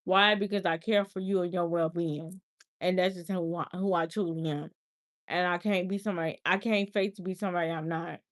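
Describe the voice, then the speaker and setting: A woman's voice: fairly low pitch, fairly even intonation, fairly quick. A woman hosting a casual livestream, talking earnestly and repeating herself. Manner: earnest, repetitive, heartfelt talk. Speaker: livestream host.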